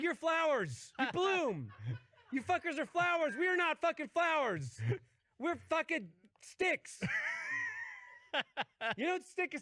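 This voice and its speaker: High, lively man ranting comically. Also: no echo. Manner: animated ranting, swearing, acts out voices. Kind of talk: casual comedic storytelling.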